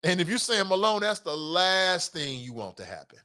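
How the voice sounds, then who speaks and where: A man's voice: sits high, very animated, moderate pace, pushed and bright. A man hosting a casual morning talk show, speaking off the cuff, often laughing and slipping into quoted voices. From Cincinnati area.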